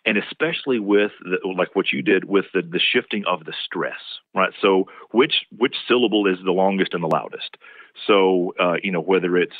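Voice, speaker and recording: This very low-voiced Southern American man from East Tennessee is a professor guest in an interview, explaining things patiently in a lecturing manner at a moderate pace. He often restarts his phrases, and his voice comes over a tinny, phone-like line that sounds dry.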